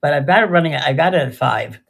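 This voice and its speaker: An older woman running a live-stream jewelry sale talks quickly and animatedly in a low, gravelly voice with a breathy edge. She chats and rambles loosely, tending to trail off mid-sentence.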